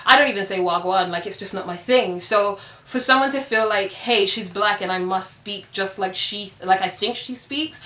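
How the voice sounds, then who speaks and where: A woman's voice: medium pitch, sharp tone, reverberant. A young woman vlogging, telling a personal story to camera in a candid, conversational way, with plenty of filler words.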